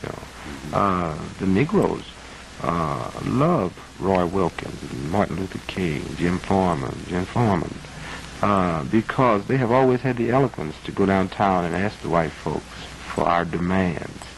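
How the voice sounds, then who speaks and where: A man's voice: sits low, lively intonation, a little slow, vocal fry, poor audio. A man in his thirties arguing his point emphatically in an archival interview, his voice building to a preacherly intensity. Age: 30s. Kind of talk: archival interview, impassioned argument. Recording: archival broadcast audio with faint noise.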